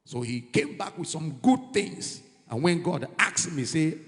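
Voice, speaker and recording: Pastor preaching, highish gravelly voice, lively with pidgin bits, big echoey church. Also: male voice, a little slow, few pauses. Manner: animated, mixing in pidgin asides. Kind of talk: sermon. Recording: long church-hall reverb.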